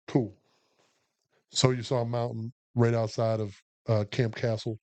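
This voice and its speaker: A man's voice: medium pitch, unhurried. A man and army veteran co-hosting a podcast, telling a profane war story with acted-out quotes. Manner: profane, animated, acts out quotes. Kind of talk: casual storytelling.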